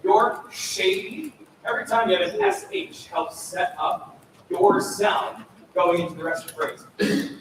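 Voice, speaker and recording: A man with a fairly high, very animated voice leads a school choir rehearsal, calling out counts and modeling each phrase himself. He is picked up from across a big, booming hall, with a faint hum of ambience underneath. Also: measured pace. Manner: energetic, demonstrates phrases by speaking and singing them. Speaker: choir clinician. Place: large echoey rehearsal room. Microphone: far room recording. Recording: echoey hall recorded from far off.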